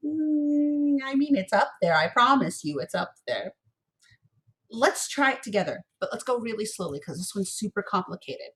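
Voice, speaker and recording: A young adult woman leads a children's music lesson from her home office. She speaks into a computer mic, playful and encouraging. She chants rhythm syllables clearly in a teacherly cadence. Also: mid-range voice, sing-song, normal speed, fairly bright tone.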